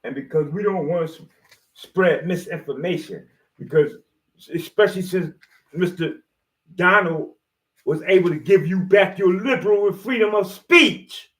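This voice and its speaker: This motivational video host has a high-pitched, slightly bright voice and talks at a normal speed. His monologue rambles, preachy and full of slang, with street-style talk, loose jokes, and swearing.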